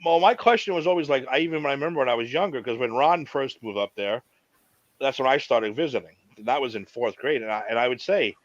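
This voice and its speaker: A man's voice: mid-range voice, fast talker, dry recording. A man from New York City chatting casually as a podcast co-host, emphatic and heavy on profanity. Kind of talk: casual chat. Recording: dry, dull lo-fi sound.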